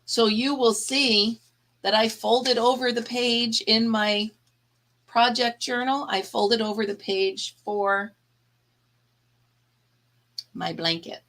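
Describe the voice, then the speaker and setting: Bright-voiced chatty woman host. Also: on the high side, steady tone, slow pace, pauses often. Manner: chatty, laughs often, talks to her audience. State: tired, yawning. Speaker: livestream host. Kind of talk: casual live chat to viewers.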